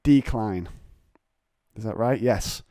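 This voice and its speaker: Mellow rambling English podcast man. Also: lowish voice, slow, dry recording, studio quality. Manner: rambling, digressive, self-mocking. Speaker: podcast host. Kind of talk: casual solo podcast monologue. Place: home, on a couch.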